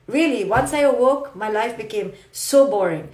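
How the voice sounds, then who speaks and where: A woman from India gives an emphatic motivational talk over a livestream, repeating mantras and posing rhetorical questions. Her voice is on the high side and a little mellow, at a moderate pace. It's captured on a phone or webcam mic in an echoey room.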